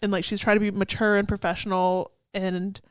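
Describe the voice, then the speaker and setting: A woman's voice: medium pitch, little pitch movement, brisk, smooth, no echo. A young woman co-hosting a casual podcast, talking through song lyrics in a loose, chatty way with lots of "like" fillers, laughs and the odd swear. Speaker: podcast co-host.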